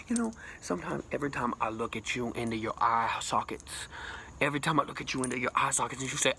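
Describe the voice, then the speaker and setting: A man rambling as a boastful mock self-help guru, jumping between loud bursts and hushed whispers with a self-described put-on accent and lisp. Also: lively intonation, fast talker, vocal fry, a little hiss or hum. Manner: rambling, boastful, absurd know-it-all; sudden pitch jumps and dropped whispers. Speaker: comedic vlogger.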